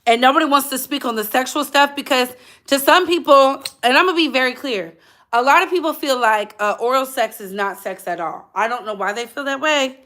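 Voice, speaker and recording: A woman's voice: sits high, fairly quick, fairly bright tone. A woman hosting a livestreamed gossip channel in blunt, chatty casual commentary, talking straight to her chat.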